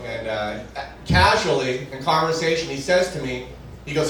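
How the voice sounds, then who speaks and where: Mid-range in pitch and animated, a male stand-up delivers his material at a moderate clip, telling anecdotes in a chatty way and punching up lines with shouts before a live comedy club audience. Background noise, room echo, distant miking, and laughing crowds fill the recording.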